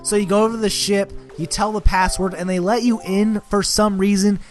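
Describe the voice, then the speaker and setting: A man's voice: high voice, steady tone, brisk, faint music behind. A young man giving a comedic, sarcastic game recap, swearing constantly and full of filler words.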